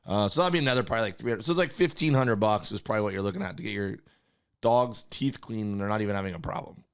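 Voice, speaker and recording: A man's voice: lowish voice, very fast, clean tone. A middle-aged man co-hosting a comedy podcast, telling rambling stories and acting out the people in them. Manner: rambling storyteller, acts out conversations. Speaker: podcast co-host. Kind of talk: casual comedy chat.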